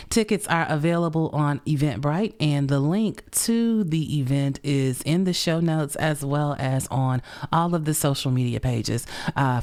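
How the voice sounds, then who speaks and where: Sassy low-voiced woman podcast host. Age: middle-aged. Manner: sassy, expressive, swears freely, calls listeners honey and y'all. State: tired and run down. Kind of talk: casual chat.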